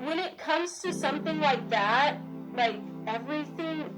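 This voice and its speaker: Young woman, fairly high voice, earnest casual storyteller, heavy "like" habit, music behind. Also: measured pace, poor audio. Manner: earnest, fills speech with "like".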